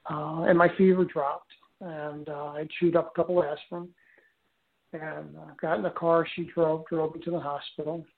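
A man's voice: fairly high pitch, flat delivery, moderate pace, creaky. A man telling a long personal story in a casual, rambling way, full of fillers and restarts. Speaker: guest telling his story. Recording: tinny phone line.

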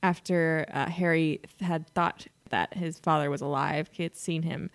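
A woman's voice: low-pitched, steady tone, moderate pace. A woman co-hosting a casual fan podcast, explaining things with enthusiasm and laughing often. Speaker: podcast co-host.

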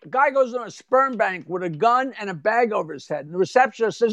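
High-voiced older comedian. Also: male voice, animated, a bit bright, dry recording. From Long Island, New York. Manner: rapid joke delivery, playful and self-mocking. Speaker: comedian guest. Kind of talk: casual interview and joke telling.

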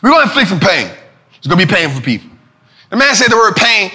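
A man hosting a casual finance talk show, animated and preachy, full of slang and repeating lines for emphasis. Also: high-pitched, quick pace, pauses often. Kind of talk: casual market commentary.

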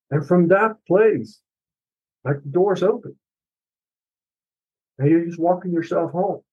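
This podcast guest, a middle-aged man who writes books, has a husky, slightly high voice captured in lo-fi sound. He opens up about his life in an earnest, emotional, confessional way and swears a bit along the way.

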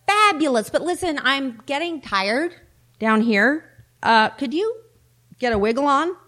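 A woman doing a high, bleating, panicky sheep. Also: animated, a little slow. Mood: eager, impatient. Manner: bleating, pleading, high and loud. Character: panicky female sheep dangling from a cliff.

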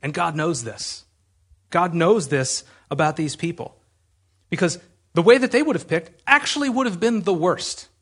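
A man's voice: fairly high pitch, expressive, moderate pace, husky. A man preaching a sermon in a conversational, emphatic way, often restarting his phrases.

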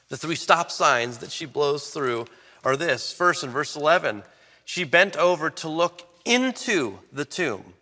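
Man, pastor, sermon, bright forceful voice, somewhat high pitch, long hall reverb. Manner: emphatic preaching with swings in pitch and loudness. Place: church sanctuary.

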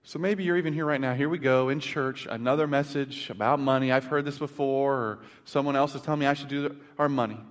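A man in his thirties preaching a sermon in church, telling family stories with big swings between loud and hushed. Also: mid-range voice, fairly even intonation, brisk, few pauses. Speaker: pastor. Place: church sanctuary. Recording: long hall reverb.

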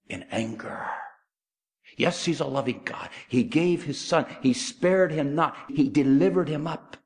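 A middle-aged man preaching an evangelistic sermon, emphatic and pleading, swinging between raised and hushed delivery. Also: on the high side, animated, a little slow.

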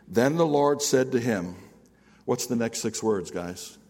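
An older man, a pastor preaching an animated sermon, swinging from loud to hushed and calling on the congregation to answer. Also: medium pitch, unhurried. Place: church sanctuary. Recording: long hall reverb.

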